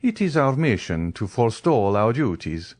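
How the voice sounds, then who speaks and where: A man's voice: medium pitch, big pitch swings, moderate pace, darkish tone, no echo, close to an everyday voice. A man voicing a solemn older Italian priest with an Italian accent, grave and courteous.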